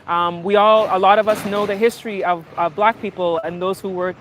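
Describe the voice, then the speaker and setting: A woman talks casually to her viewers while riding in a car, telling stories with lively energy. She speaks at an ordinary pitch into a phone, with faint road noise in the background. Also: a little fast. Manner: animated storytelling, acting out market sellers and her mother. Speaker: vlogger. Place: inside a moving car.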